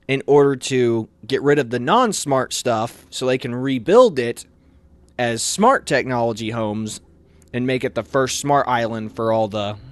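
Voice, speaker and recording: A man's voice: mid-range voice, no echo. Man co-hosting a morning show, rambling chatty delivery, dry close sound. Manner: rambling, conversational, many restarts. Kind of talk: casual news chat.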